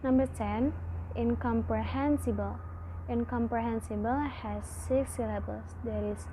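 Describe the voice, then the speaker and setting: A woman's voice: fairly high pitch, steady tone, measured pace, background noise. A woman student giving a class presentation, counting through numbered word examples and breaking each into syllables.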